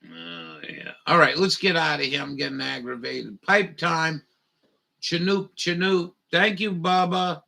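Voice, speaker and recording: A man's voice: fairly high pitch, a little slow, creaky, bright, forceful tone. A man grumbling and swearing as he rambles through a live stream, muttering to himself as he reads.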